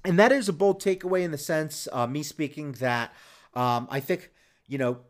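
A man's voice: fairly high pitch, normal speed. A man hosting a sports podcast, talking casually and rambling with many restarts and fillers. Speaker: podcast host.

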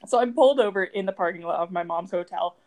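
A young woman from the United States co-hosting a podcast in casual chat, telling stories with a lively, animated delivery. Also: quick pace. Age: young adult. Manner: animated storyteller, lively swings in pitch. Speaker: podcast co-host.

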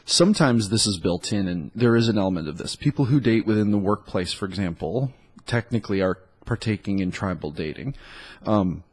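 A man's voice: fairly low pitch, a little mellow, breathy edge. A man who has a cold, talking as a dating coach in a loose, rambling solo monologue full of likes and ums. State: stuffed up with a cold.

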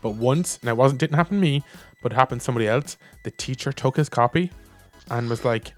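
Young Irish man, mid pitch, wry storyteller, faint music underneath. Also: fast talker. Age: young adult. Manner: wry, reads out emails in mock voices. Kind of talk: casual chat.

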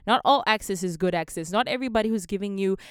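A woman's voice: medium pitch, fast, a bit bright, clean tone, no echo, clean studio sound. A young woman from Africa hosting a casual motivational podcast, earnest and emphatic, repeating her key phrases. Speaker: podcast host.

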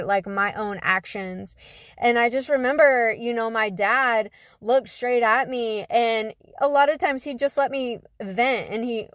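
A woman's voice: fairly high pitch, no echo, studio quality. A young woman telling a personal story in a casual, conversational way, full of fillers like "you know". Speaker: guest telling her story.

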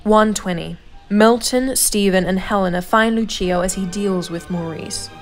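A woman's voice: medium pitch, measured pace, soft background music. A woman giving terse, matter-of-fact scripted narration.

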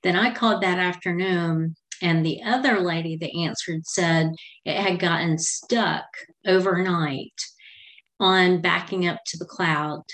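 Middle-aged woman podcaster, kinda low voice, rambly heartfelt storytelling. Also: fairly even intonation, unhurried, fairly bright tone. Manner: chatty, meandering, heartfelt. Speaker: podcast host. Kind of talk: casual personal storytelling.

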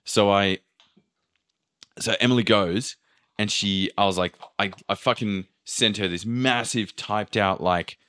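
A man's voice: fairly low pitch, a little slow, sharp tone. A young man telling a travel story in casual chat, swearing freely and acting out what people said. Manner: swears a lot, acts out quotes with filler "da, da, da".

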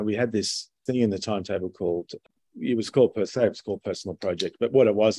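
A man with a low, mellow voice talks through his points at an easy, rambling pace, leaning on "you know" as he goes. The sound is dry and close, with no room around it. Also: no echo. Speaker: podcast guest, educator. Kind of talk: casual conversation.

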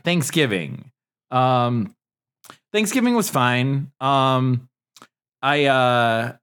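A man in casual chat, rambling in a relaxed way with many ums and likes. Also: medium pitch.

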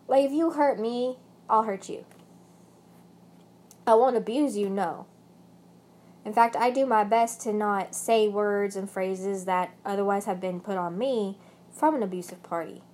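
A woman's voice: medium pitch, darkish tone. A young woman with a British accent vlogging about her ex, rambling and swearing heavily, with angry bursts. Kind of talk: emotional personal rant.

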